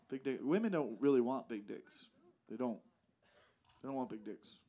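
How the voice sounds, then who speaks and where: Brash stand-up comic roasting the crowd. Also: male voice, medium pitch, lively intonation, normal speed, long pauses, dark tone. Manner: brash, profane, teasing audience members. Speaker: stand-up comedian. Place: comedy club stage. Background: audience laughter.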